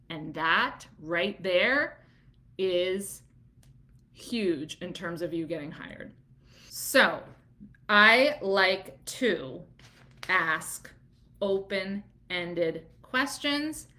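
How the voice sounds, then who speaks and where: A woman doula and business coach who teaches to camera in a candid, animated way and laughs easily. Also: mid-range voice.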